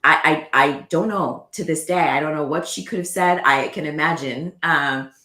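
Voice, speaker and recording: Woman, low voice, earnest storytelling, acts out quoted dialogue, echoey room. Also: normal speed, bright, forceful tone. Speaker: guest. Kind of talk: personal storytelling in conversation.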